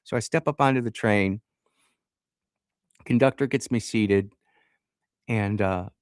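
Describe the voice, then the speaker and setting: A man's voice: fairly low pitch, measured pace, no echo, studio quality. A man telling a rambling personal story on a radio show, often restarting mid-sentence and chuckling. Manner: rambling, self-interrupting, chuckles. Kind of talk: casual storytelling. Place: radio studio.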